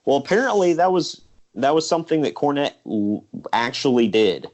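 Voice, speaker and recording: A man with a middle-pitched voice talks through old wrestling matches in a loose, rambling podcast chat. He leans on fillers and restarts as he recaps. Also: big pitch swings, moderate pace, darkish tone. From Ohio. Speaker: podcast co-host.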